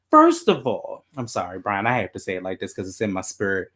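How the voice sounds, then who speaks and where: A podcast host in casual chat, talking in an animated, emphatic and ranting way. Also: low voice, a little fast, hardly any pauses.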